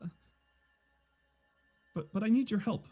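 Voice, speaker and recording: A high, shaky young spirit girl, as a game master puts her on stammers through every plea. Her voice sits far above the man's own low register and keeps catching on its words. She is a desperate voice in a tabletop game. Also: unhurried, mellow, husky, soft background music, heavily acted. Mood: pleading. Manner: stammering, pleading. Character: frightened young female spirit, pleading.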